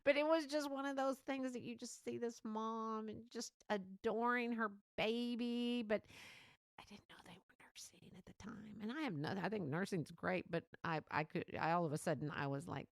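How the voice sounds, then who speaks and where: A woman's voice: on the high side, steady tone, moderate pace, few pauses, no echo, studio quality. A woman hosting her podcast, chatting in a rambling way, laughing often and acting out what people said. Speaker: podcast host. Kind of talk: casual monologue.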